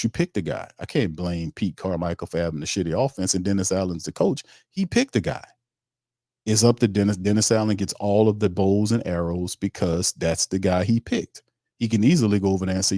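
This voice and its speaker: Deep-voiced new dude ranting on his sports stream, slangy and blunt, reads chat out loud, dry close sound. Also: no room sound. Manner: blunt, animated, rants with profanity and slang; reads viewer chat comments aloud. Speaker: sports podcast host. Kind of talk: casual livestream commentary.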